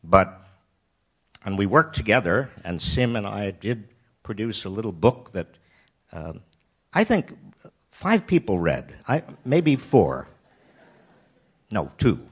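An older American man telling a personal story in a wry, self-deprecating way, often halting and restarting his sentences. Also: on the low side, sing-song, slightly rough. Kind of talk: personal anecdote talk.

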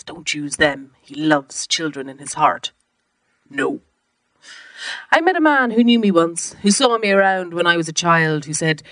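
Woman reading a haunted young woman, chanting rhythm, very lively pitch, dry. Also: no echo. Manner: rhythmic, incantatory reading with wide swings. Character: young woman recalling men, raw and fragmented. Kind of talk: reading fiction aloud.

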